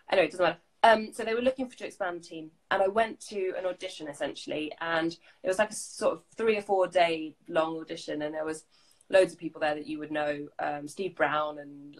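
An animated woman chatting as an interview guest over a video call. Her voice sits a little low, and she breaks into quick acted-out quotes and restarts as she talks. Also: rough recording. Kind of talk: casual interview chat.

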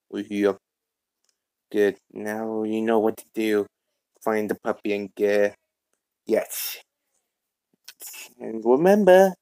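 A young man dubbing a fan comic and reading every part himself, with stumbling, halting lines and many restarts. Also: lowish voice, darkish tone, dry recording. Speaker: voice actor doing all the parts.

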